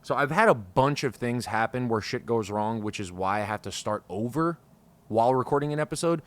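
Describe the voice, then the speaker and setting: A man's voice: medium pitch, expressive, fairly quick. Male podcast host, casual and scattered, profane, rambling solo talk, mid-range voice. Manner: frustrated, rambling, swears freely. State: over-caffeinated, scattered. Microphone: podcast microphone.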